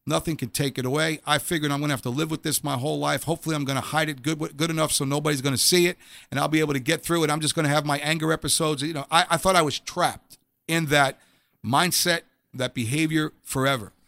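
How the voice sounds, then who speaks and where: A man's voice: a little high, steady tone, quick pace, vocal fry, sharp tone, no echo. A middle-aged man telling his personal faith testimony in an interview, earnest and emphatic, often repeating the first word of a phrase. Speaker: guest sharing a faith testimony.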